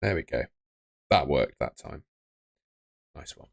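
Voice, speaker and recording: A man's voice: a bass voice, animated, measured pace, gravelly, no room sound. A young man hosting a live stream, chatting casually and muttering to himself as he sorts things out on his phone. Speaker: livestream host.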